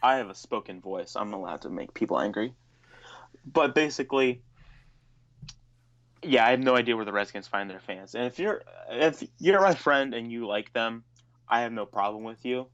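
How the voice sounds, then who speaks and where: A man's voice: mid-range voice, animated, moderate pace, fairly bright tone, dull audio. A man co-hosting a podcast, telling stories in a casual, profane, ranting way. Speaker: podcast co-host. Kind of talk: casual chat.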